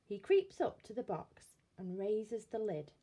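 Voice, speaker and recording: A woman reading a bedtime story aloud, taking her time over every phrase. Her voice rises and falls expressively in a warm read-aloud manner, while her pitch stays mid-range. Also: very animated, a little slow.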